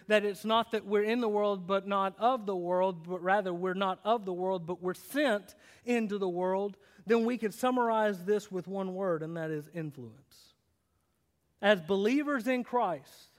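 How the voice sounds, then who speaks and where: A male pastor preaching a sermon, emphatic, restating his phrases and dropping low and quiet on key points. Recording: long hall reverb.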